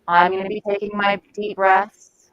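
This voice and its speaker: A woman's voice: medium pitch, little pitch movement, normal speed, a bit bright, muffled recording. A woman giving a live training talk to a group in a room, conversational and often searching for words mid-sentence. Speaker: de-escalation trainer.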